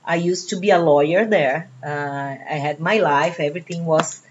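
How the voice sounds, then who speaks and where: A middle-aged woman from Brazil speaks English with a clear Brazilian Portuguese accent, lively and chatty with a self-deprecating streak. Her voice sits low for a woman. The recording sounds dull and lo-fi. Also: normal speed, a little hiss or hum. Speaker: franchise business owner. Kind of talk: casual interview.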